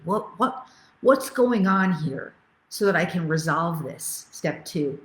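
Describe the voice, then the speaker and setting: A woman's voice: fairly low pitch, lively intonation, slow, reverberant. A middle-aged woman spiritual coach teaching a live webinar, enthusiastic and reading out viewer comments as she goes.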